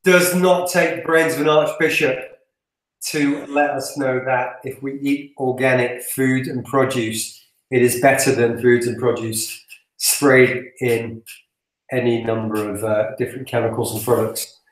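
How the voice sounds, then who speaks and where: A man's voice: medium pitch, steady tone, unhurried. British guy cracking dry jokes on a podcast, real roomy echo on him. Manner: wry, sarcastic, joking. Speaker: podcast co-host. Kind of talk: casual podcast chat.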